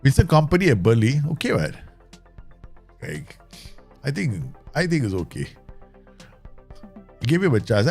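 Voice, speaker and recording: A man casually commenting while he plays a football management game, excitable and laughing often. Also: moderate pace, long pauses, soft background music. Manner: excitable, laughs often, animated pitch swings. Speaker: gaming streamer.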